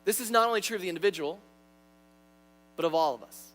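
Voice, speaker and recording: Young male pastor, high-pitched, animated sermon delivery, stumbles on repeated words. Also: fast, soft background music. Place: church sanctuary.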